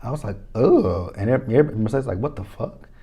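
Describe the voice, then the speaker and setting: A man recapping a TV episode in a casual, profane, animated way, reacting aloud to each scene. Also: mid-range voice, quick pace, breathy edge. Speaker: TV episode reviewer.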